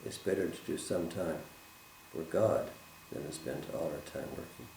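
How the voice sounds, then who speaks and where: A man teaching a Bible study lesson in an earnest, measured way, quoting scripture as he goes. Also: a bass voice, creaky, warm tone, reverberant, a little hiss or hum, low-quality recording.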